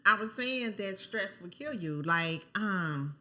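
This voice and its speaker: A woman's voice: mid-range voice, slow pace. A woman, co-hosting a podcast in a casual chat, telling stories animatedly. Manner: animated storytelling, acts out quoted voices. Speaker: podcast co-host.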